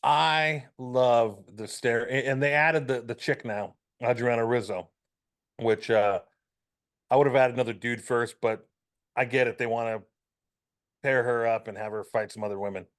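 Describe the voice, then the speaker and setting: A man's voice: mid-range voice, steady tone, normal speed. A man co-hosting a casual podcast chat, ranting and joking with profanity. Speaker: podcast co-host.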